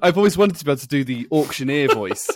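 A man's voice: fairly high pitch, rapid-fire, a little hiss or hum. A man co-hosting a podcast in casual chat, laughing often and tripping over his words. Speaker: podcast co-host.

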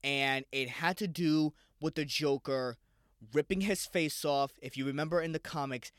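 A man's voice: a little high, moderate pace, fairly bright tone, no echo, clean studio sound. Profane, rambling podcast host, man. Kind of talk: casual solo podcast rambling.

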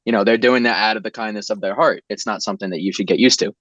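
A man's voice: on the low side, fast, a bit bright, no room sound. A young man co-hosting a comedy podcast, playful and rambling, often laughing. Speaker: podcast co-host. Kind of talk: comedic casual chat. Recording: dry, slightly dull audio.

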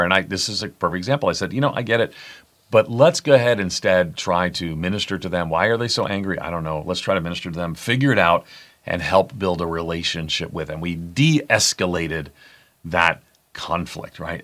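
A man's voice: fairly low pitch, pushed and bright. A middle-aged man preaching a conversational sermon as a pastor, often checking in with the congregation by asking "right?". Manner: conversational, frequent "right?" tag questions.

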